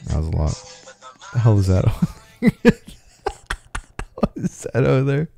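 A young man streaming a video game, reacting loudly with shouts, gasps and swearing. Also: fairly low pitch, animated, brisk, gravelly, pauses often, no echo, studio quality. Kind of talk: live game commentary.

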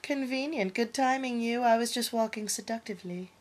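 A woman's voice: a little high, a little fast, close to an everyday voice. A woman playing a vain, vampish soap opera character, mock-seductive and over-dramatic in a comic parody.

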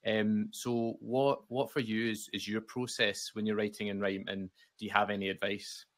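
A man's voice: fairly low pitch, flat delivery, moderate pace, fairly bright tone. A man hosting a writing podcast, asking questions with hesitant phrasing and many fillers. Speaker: podcast host. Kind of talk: interview questions.

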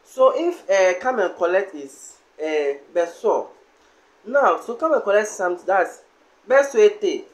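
A man teaching a language lesson, saying each word slowly and repeating it several times. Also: high voice, expressive.

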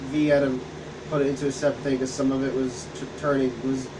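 There's crowd noise as this gaming channel co-host talks at a quick pace in a level, medium-pitched voice. Chatting casually over gameplay, he rambles through profane stories. The mic sits far off, and a background hum runs throughout.

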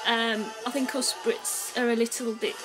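A woman's voice: fairly high pitch, little pitch movement, normal speed, low-quality recording. Giggly Brummie woman rambling over music. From England. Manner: rambling, giggly, loses her thread. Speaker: vlogger. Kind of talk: casual chat to camera. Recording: clear music playing behind her.

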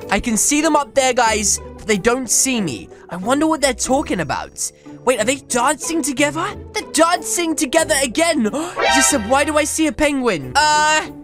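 A young woman YouTuber giving playful, animated game commentary and teasing her friends. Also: high voice. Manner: animated, teasing, quick switches between narration and banter. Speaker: gaming YouTuber.

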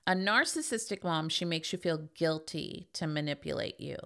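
A middle-aged woman hosts a podcast in a relaxed solo monologue, her voice sitting a little low. She talks candidly and leans hard on her points, often slipping into quick impressions of other people. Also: creaky. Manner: emphatic, candid, acts out quoted voices. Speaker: podcast host. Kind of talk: casual monologue.

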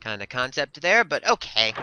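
A man playing a video game and chatting casually with friends, bursting into loud exclamations at surprises. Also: medium pitch, sing-song, normal speed, a little hiss or hum. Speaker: let's play player. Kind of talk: casual gaming commentary. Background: game music.

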